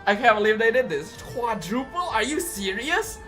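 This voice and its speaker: A game streamer reviewing patch notes live, voice bright and sharp, pitch bouncing all over as excitement spills into shouted exclamations. Soft music plays faintly in the background. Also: normal speed. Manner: excitable, bursts into loud exclamations.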